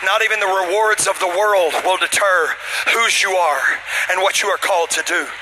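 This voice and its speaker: A young man preaching a sermon, telling a comic story with shouted punchlines and then dropping to a hushed, intimate tone. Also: high-pitched, moderate pace, background noise. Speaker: pastor.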